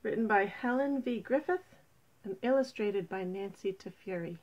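A woman reading a children's picture book aloud in a gentle, expressive, unhurried way. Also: medium pitch, highs cut off. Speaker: storybook reader.

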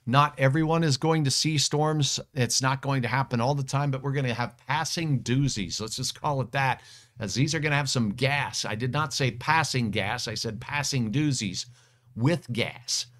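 A man's voice: mid-range voice, moderate pace, a bit bright. A middle-aged man, a meteorologist, hosting a live weather stream in a folksy, jokey way, reading viewer comments aloud.

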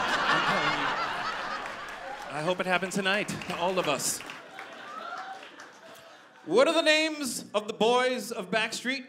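A man performing stand-up comedy in a club, his voice pitched high and swinging widely. He swings between loud punchlines and low, muttered asides. Steady noise sits under the live recording.

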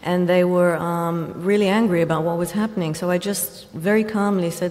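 A woman journalist on a festival panel, recounting her reporting in a measured way with pauses. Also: on the low side, fairly even intonation, a little mellow. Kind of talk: panel discussion. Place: large festival hall. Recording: long reverb of a festival hall.

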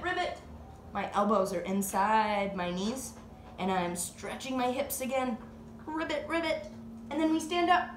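A woman teacher guiding children through a slow, playful yoga flow with animal sounds, recorded at home. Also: a little high, roomy sound, a little hiss or hum. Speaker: Montessori teacher leading kids' yoga. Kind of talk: gentle guided yoga instruction for children. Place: at home, dog nearby.

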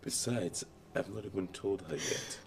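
An actor with a Nigerian accent playing a young man calling off his wedding, calm, apologetic and evasive in a film drama. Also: deep voice, measured pace, creaky, slight background noise.

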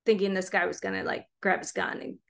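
A woman's voice: mid-range voice, flat delivery, fast, vocal fry. A woman in her forties, a mother of teenagers, telling a rambling story casually to her viewers. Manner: chatty, rambling, filler-heavy.

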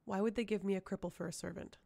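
A flat, commanding ancient witch leader, as a woman puts her on. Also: mid-range voice, racing, gravelly, close to an everyday voice. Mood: cold. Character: cold ruthless female witch leader, ancient.

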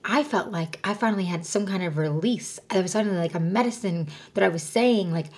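A woman's voice: on the low side, normal speed, hardly any pauses, darkish tone, breathy edge. A woman, likely in her thirties, earnestly telling a personal story as a podcast guest, with frequent fillers. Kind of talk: personal story in casual conversation.

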